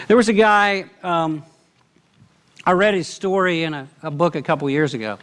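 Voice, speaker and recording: A man with a fairly high voice preaches a sermon to his congregation. He tells the story earnestly, swinging between lively, animated stretches and hushed, soft ones. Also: normal speed. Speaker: pastor. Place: church auditorium.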